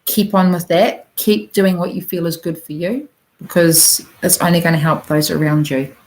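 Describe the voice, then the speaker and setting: A woman with a New Zealand accent giving a gentle, encouraging oracle card reading to viewers, talking directly to them with plenty of ums. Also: on the low side, steady tone, moderate pace, a little hiss or hum, poor audio.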